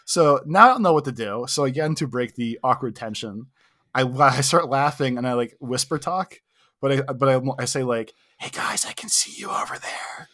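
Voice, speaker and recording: A man's voice: medium pitch, normal speed, fairly bright tone. A young man co-hosting a podcast, telling a long, self-mocking story in a casual, rambling way full of "like". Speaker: podcast co-host.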